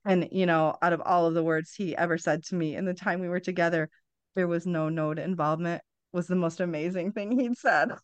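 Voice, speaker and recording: A middle-aged woman appears as a podcast guest, recounting her story candidly and conversationally. Blunt and animated, she swears freely and laughs through painful memories. Her voice is lowish, brisk and clean, with no echo.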